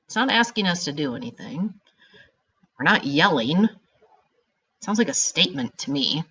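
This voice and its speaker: An upbeat woman teacher takes young students through a grammar lesson. Her voice sits a little low. She is animated and drags out her example sentences to make them stick. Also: moderate pace, breathy edge.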